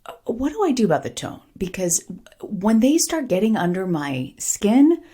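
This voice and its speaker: Breathy, expressive woman asking frank questions. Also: medium pitch, normal speed. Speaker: podcast co-host. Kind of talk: casual chat.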